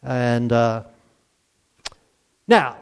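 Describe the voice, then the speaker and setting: A man's voice: medium pitch, drawn-out words, gravelly, clean tone. A man preaching a casual, conversational sermon, asking the congregation questions and chuckling as he goes. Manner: conversational, asks the audience questions, chuckles often. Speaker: pastor.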